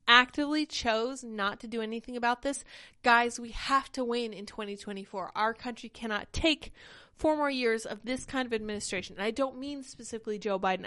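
A woman's voice: a little high, no room sound, clean studio sound. A young woman hosting a livestream podcast, talking casually and animatedly, a little short of breath. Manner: chatty, animated, reads chat comments aloud. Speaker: podcast host.

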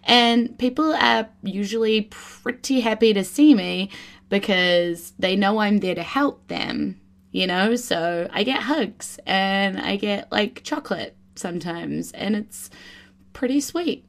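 A New woman hosts her podcast alone. She speaks in a casual, chatty way, at a middling pitch, and laughs often. Her excitement rises quickly. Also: vocal fry. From New Zealand. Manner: bubbly, laughs often, gets giddy with excitement. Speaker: podcast host. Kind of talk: casual solo podcast chat.

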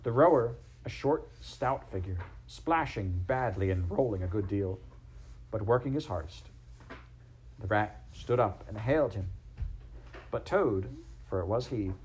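A man narrating a classic storybook aloud in a gentle, measured, expressive way. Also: lowish voice, a little hiss or hum, poor audio.

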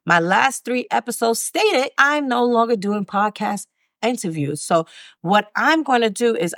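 A woman's voice: medium pitch, creaky, no room sound, studio quality. A woman hosting her own self-help podcast, speaking frankly and emphatically and swearing freely. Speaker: podcast host.

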